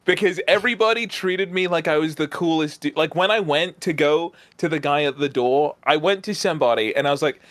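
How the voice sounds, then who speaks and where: A British man telling a story as a guest on a stream, stumbling over his starts and laughing as he goes. His voice is a little high, and the recording is dry and close. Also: a little fast, hardly any pauses, dry recording. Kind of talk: casual chat on stream.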